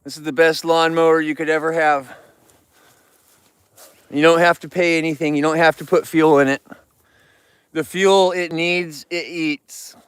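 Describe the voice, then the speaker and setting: A man's voice: on the high side, level tone, measured pace, pauses often, a bit bright, clear, resonant tone, no room sound. A middle-aged man chatting casually on an outdoor live stream, repeating himself for emphasis. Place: outdoors near a barn.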